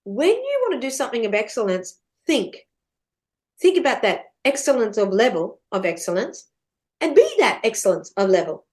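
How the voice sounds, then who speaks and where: A middle-aged woman, a podcast guest telling stories in an animated, chatty way, swearing freely and laughing often. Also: moderate pace. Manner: swears freely, laughs often, big swings in pitch and loudness. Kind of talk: animated storytelling chat.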